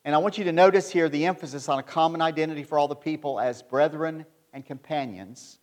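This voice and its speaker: An earnest male preacher delivers a sermon with a fairly high-pitched voice. He reads scripture in a measured, deliberate way and builds to forceful emphasis when he presses his point.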